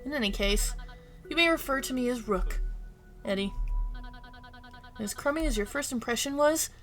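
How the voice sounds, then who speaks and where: A prim, proper contestant with careful, formal phrasing, from a story-driven video game, as a woman streamer voices it. The voice is fairly high and composed. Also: animated, moderate pace, a bit bright, soft background music. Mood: polite.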